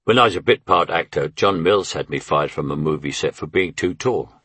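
An older man reads his memoir in a deep, husky voice, wry and anecdotal. The sound is dry and close, with no room around it. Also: animated, brisk, a bit bright, no echo. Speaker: memoir narrator. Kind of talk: memoir audiobook narration.

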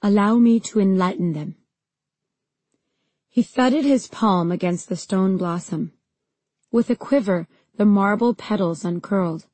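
A woman narrating a fantasy audiobook in the first person, telling the story in a steady, even way. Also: mid-range voice, breathy edge, no room sound, rough recording.

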